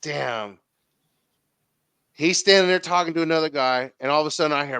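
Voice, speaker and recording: A man's voice: a little high, normal speed, pushed and bright, clear, resonant tone, no echo. A man in his thirties with a Southern Californian accent telling a story as a podcast host, casual and profane, acting out the people he quotes.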